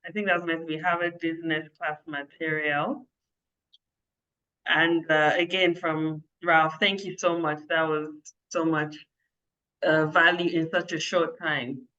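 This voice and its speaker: A woman's voice: sits low, flat delivery, a little slow, bright, forceful tone. Woman hosting over dull call audio. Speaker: host. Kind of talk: moderating an online event. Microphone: video call.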